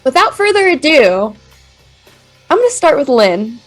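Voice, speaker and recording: Slow-talking woman game master. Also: sits high, very animated, faint music behind, low-quality recording. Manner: slow, dramatic storytelling. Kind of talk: narrating a tabletop game.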